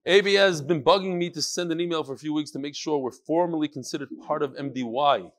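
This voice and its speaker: A man's voice: fairly high pitch, quick pace. A man hosting a casual chat show, reading listener emails aloud with joking asides.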